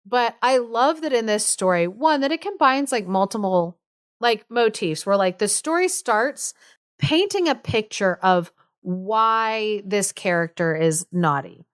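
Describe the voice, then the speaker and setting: With lively intonation and a slightly slow pace, a woman co-host shares a folk tale in casual podcast chat, full of giggles and filler words. Her smooth, clear voice sits at a middle pitch, and the close, dry recording has no echo.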